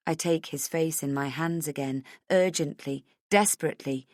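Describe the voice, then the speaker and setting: A woman narrating a suspense audiobook in the first person, measured and tense. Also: low-pitched, a little mellow, no room sound, studio quality.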